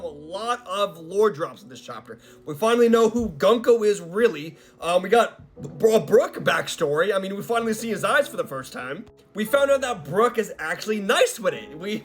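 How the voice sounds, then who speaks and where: Excitable slangy young guy recapping comics. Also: high voice. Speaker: manga recap host. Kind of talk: casual chat.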